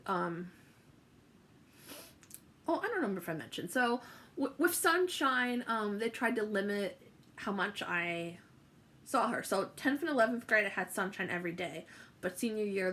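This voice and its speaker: A woman's voice: mid-range voice, a bit bright. Chatty young woman telling a story. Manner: chatty, emotional, many fillers and restarts. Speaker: vlogger. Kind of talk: personal storytelling to camera.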